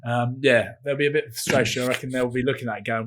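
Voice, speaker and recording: A man co-hosting a casual rugby podcast, animated and swearing freely. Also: medium pitch, very fast. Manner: animated, swearing, mimics voices in quotes. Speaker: podcast co-host.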